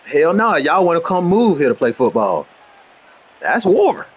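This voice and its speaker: Brash trash-talking man, high voice that leaps around. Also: sing-song, measured pace, breathy edge. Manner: brash, boastful, trash-talking, swings between mutters and high outbursts. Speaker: gamer streaming gameplay. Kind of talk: profane rambling commentary over gameplay.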